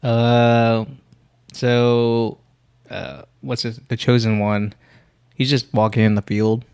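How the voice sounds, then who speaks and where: A man's voice: medium pitch, level tone, takes it slowly, darkish tone, clean tone, no echo, clean studio sound. A man co-hosting a podcast, chatting casually about a comedy movie, chuckling and filling in plot details. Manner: chuckling, fills in plot details with false starts. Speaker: podcast co-host. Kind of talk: casual movie recap chat.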